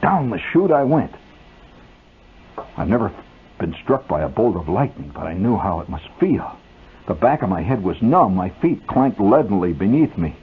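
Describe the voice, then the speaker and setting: Animated male radio storyteller, tinny broadcast. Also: low-pitched, moderate pace, husky. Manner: wry, vivid, mock-dramatic storytelling. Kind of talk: dramatic story reading. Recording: tinny lo-fi 1970s radio aircheck.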